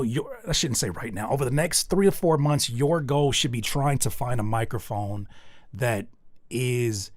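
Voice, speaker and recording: Dude reviewing submitted tracks live, blunt and rambly, mid voice, dry mic. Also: male voice, mid-range voice, no room sound. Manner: candid, rambling with restarts, gets loud and animated in disbelief. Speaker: host reviewing listener music. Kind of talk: casual livestream music feedback.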